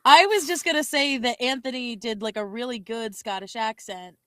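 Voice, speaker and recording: Young woman, casual podcast co-host, rambling and giggly, with a high, very clear voice in a dry room. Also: moderate pace, pushed and bright, dry recording. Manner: rambling, giggly, self-correcting. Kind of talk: casual chat.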